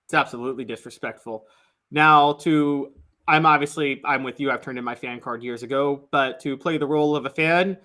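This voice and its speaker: Sports talk co-host guy, bit high voice, jokey and opinionated. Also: normal speed, sharp tone. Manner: opinionated, joking.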